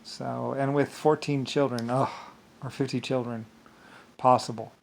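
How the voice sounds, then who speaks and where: A man's voice: mid-range voice, steady tone, measured pace, gravelly, slight background noise. A man talking in a rambling vlog monologue, drifting between thoughts and laughing often. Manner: meandering, laughs often, keeps saying "anyway". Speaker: vlogger.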